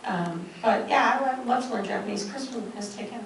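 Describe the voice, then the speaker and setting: A woman's voice: on the high side, a little fast, slight background noise. Chatty, giggly woman in an echoey hall. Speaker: voice actor on a convention panel. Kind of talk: casual panel talk. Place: convention hall. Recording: echoey convention hall from far off.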